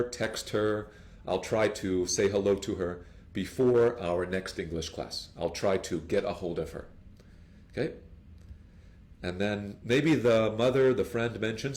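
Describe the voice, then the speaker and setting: A man teaching English, explaining phone phrases and acting out example calls in playful higher voices. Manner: animated, acts out phone dialogues with higher put-on voices. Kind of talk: lively classroom explanation with acted example dialogues.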